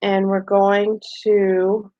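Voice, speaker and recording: Woman teacher, young adult, slow expressive read-aloud for kids, muffled lo-fi recording. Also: medium pitch, no echo. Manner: slow, expressive storybook reading with playful animal sounds. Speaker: preschool teacher. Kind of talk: reading a picture book aloud to young children. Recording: dull lo-fi sound in a dry room.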